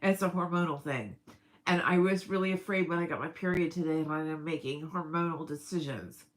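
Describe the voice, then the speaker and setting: A middle-aged woman vlogger rambles through a casual personal vlog, getting emotional and often breaking into laughter mid-sentence. Her voice is low and her pace brisk. The recording quality is poor.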